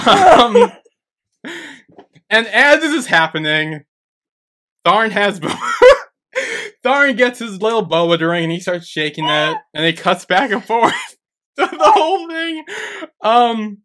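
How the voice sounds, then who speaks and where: A man recaps a show on a casual podcast, his voice bright and sharp. His delivery swings up and down, and he often dissolves into giggles as he tells the scenes. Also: high-pitched, sing-song, slow, long pauses. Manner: giggly storytelling, breaks into laughter. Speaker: podcast co-host.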